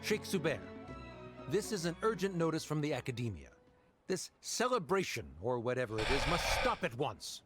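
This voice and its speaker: A man's voice: on the high side, big pitch swings, moderate pace, over music. A man voicing a stern, condescending academy official in a game, cold and officious. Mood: haughty. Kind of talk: game voice acting.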